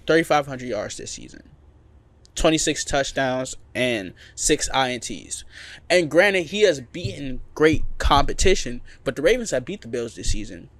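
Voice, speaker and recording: A man's voice: mid-range voice, animated, a little slow, no room sound. A man co-hosting a casual sports podcast, making his case with emphatic repetition. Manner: emphatic, repeats points for emphasis. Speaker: podcast co-host.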